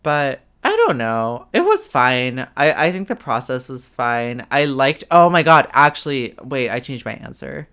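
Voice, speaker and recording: A woman's voice: a bass voice, very animated, unhurried, hardly any pauses, fairly bright tone. A woman co-hosting a podcast in casual chat, hesitant and rambling with lots of fillers and restarts. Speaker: podcast co-host.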